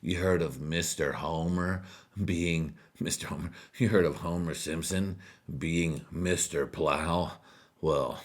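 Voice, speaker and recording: A man putting on the voice of a solemn male documentary narrator, speaking in a slow, hushed, mock-serious way. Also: deep voice, steady tone, exaggerated voice.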